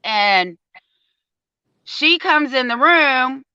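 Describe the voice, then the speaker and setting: An older woman tells her story in a lively, storytelling way and acts out each quote. Her voice is strongly bright and a little high. The sound is dry and slightly muffled. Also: extremely slow, smooth, no echo. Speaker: guest, parent advocate. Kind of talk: casual storytelling.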